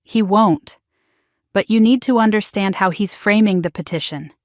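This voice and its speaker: A woman voicing a steady male adviser in a storybook narration, calm and reassuring, dry sound. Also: medium pitch, moderate pace, no echo, natural voice. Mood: calm firm.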